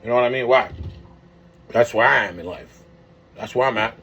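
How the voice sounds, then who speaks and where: A man's voice: mid-range voice, moderate pace, pushed and bright, breathy edge, highs cut off. A man in his forties talks to his viewers in a casual vlog, rambling, swearing and full of slang. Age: 40s. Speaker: vlogger. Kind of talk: casual monologue.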